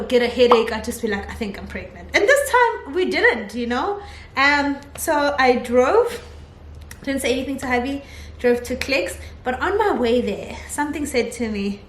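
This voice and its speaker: A young woman vlogger telling a personal story in a chatty, animated way, often laughing as she talks. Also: high-pitched. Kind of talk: casual storytelling vlog. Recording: echoey room, faint ambient noise.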